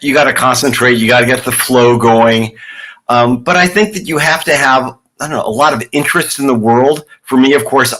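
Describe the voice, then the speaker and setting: A man talks about his writing on a live video call in an easy, wandering way. He leans on fillers and restarts sentences as he thinks aloud. His voice sits at an ordinary middle pitch. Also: bright, forceful tone. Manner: rambling, loose, with many fillers and restarts. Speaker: novelist being interviewed. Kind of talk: casual conversational answers. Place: live online author event.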